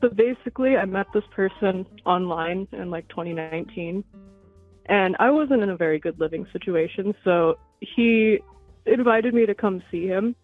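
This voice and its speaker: A woman's voice: mid-range voice, normal speed, faint music behind. A young woman calling in to a show, out of breath, rambling with lots of filler words. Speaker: caller. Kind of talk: casual phone call. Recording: tinny phone line.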